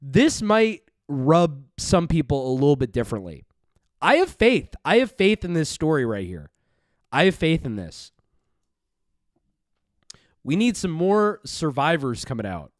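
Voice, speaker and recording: A man's voice: a little high, sing-song, measured pace, pauses often, no echo, studio quality. A man giving casual, profane and sarcastic commentary over a clip he is playing. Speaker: commentary streamer.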